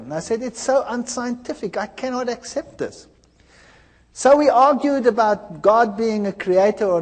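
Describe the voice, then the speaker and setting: A middle-aged man giving a preached personal testimony, telling his story with animated delivery and acting out the dialogue. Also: sits high, big-room sound.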